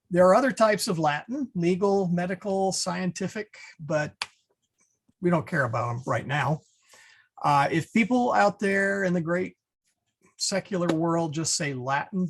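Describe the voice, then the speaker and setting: A man teaching an online Latin class over a video call, relaxed with many fillers and restarts. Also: sits high, vocal fry.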